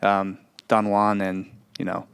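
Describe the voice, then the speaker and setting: A man's voice: low-pitched, monotone, slow pace, vocal fry, smooth. A man casually telling a history story on a comedy podcast, matter-of-fact and laid-back.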